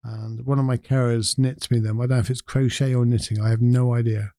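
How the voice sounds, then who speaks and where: A man's voice: mid-range voice, flat delivery, fairly quick, warm tone, no room sound, clean studio sound. A man hosting a casual chat, reading out viewer comments and reflecting on each with frequent chuckles.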